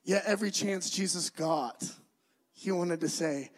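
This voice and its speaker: A young adult man preaching a sermon, telling the story with animated, acted-out voices. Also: high voice, unhurried, low-quality recording.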